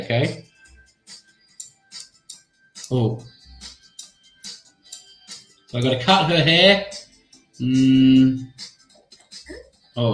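A man presenting a live teacher-training webinar, chatty and apologetic, thinking aloud as he demos an app on a video call. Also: mid-range voice. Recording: echoey room sound.

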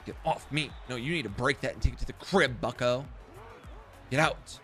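A man's voice: medium pitch, normal speed, a bit bright. A young man in the middle of a live gaming stream, cursing and mocking himself as he plays. His voice sits in an ordinary middle register, with faint music playing behind him. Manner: profane, self-mocking trash talk with sudden outbursts. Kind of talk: live gameplay commentary.

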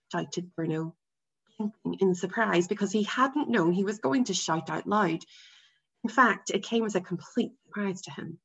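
A woman teacher reading a novel aloud to her class in a steady, expressive way. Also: mid-range voice, vocal fry, husky. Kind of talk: read-aloud storybook narration. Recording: dull lo-fi sound.

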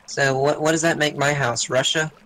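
A man's voice: fairly high pitch, steady tone, normal speed, sharp tone, rough recording. A man streaming a game, rambling casually about what he's doing as he plays. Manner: rambling, chatty commentary while playing. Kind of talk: casual gaming chat.

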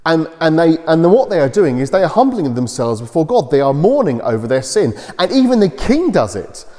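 Guy doing the kids talk at church, bit higher voice, mellow, big echoey church sound. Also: fairly quick. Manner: animated storytelling with simple explanations. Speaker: preacher giving a children's talk. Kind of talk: children's talk retelling a Bible story. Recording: long church reverb.

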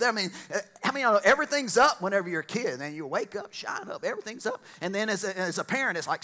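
Man, pastor, lively sermon, shouts and exclamations, bright voice. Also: high voice, fast, few pauses. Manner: preaching with sudden loud shouts and exclamations.

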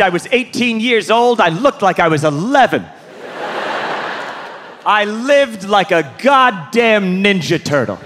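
A man doing stand-up comedy on a large theater stage, animated and incredulous, often shouting his punchlines. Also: high-pitched, measured pace. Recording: live theater recording with crowd noise. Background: crowd laughing and applauding.

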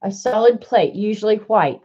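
A woman's voice: medium pitch, animated, moderate pace, dark tone, breathy edge, highs cut off. A woman demonstrating a die-cutting and embossing machine to viewers, chatty and flustered as she thinks aloud. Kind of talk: casual craft demonstration to viewers.

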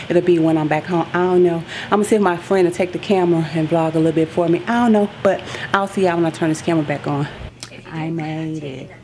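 A nervous woman with a lowish, dark-toned voice vlogs casually to a handheld camera, both at home and in a hospital pre-op room, with a little hiss or hum on the audio. She's chatty and slangy and laughs often as she talks to the camera.

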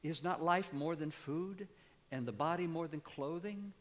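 A man in his sixties preaches a sermon, his slightly high voice climbing to emphatic peaks before dropping back low. His words ring with the long reverb of a church sanctuary. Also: a little slow. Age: 60s. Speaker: pastor.

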